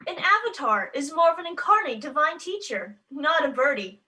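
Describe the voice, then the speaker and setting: A man's voice: extremely high pitch, big pitch swings, moderate pace, bright, forceful tone, far from the mic, voice pushed up, exaggerated voice. A man doing a prim, pedantic voice assistant. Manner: stiff, literal, correcting.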